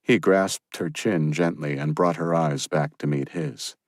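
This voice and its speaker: A man reading an audiobook as the narrator, in a steady, even storytelling manner. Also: very deep voice, unhurried, no room sound, clean studio sound. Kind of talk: scripted narration.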